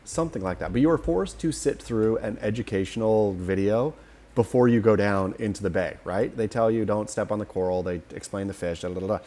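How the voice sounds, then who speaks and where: A man co-hosting a podcast in casual chat, opinionated and animated, acting out quotes as he tells stories. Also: fairly low pitch, a little fast. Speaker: podcast co-host.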